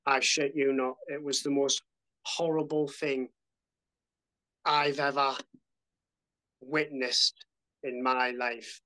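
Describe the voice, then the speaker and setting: A man's voice: mid-range voice, flat delivery, slow, long pauses, pushed and bright, poor audio. A man, a podcast guest telling his story bluntly, swearing freely and fighting back emotion. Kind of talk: casual storytelling.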